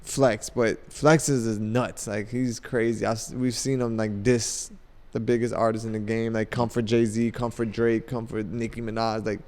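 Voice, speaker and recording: A man's voice: lowish voice, moderate pace, few pauses. Storytelling man in an echoing room. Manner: animated, loose storyteller with many fillers. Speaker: podcast guest, radio DJ. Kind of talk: casual storytelling chat. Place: podcast studio.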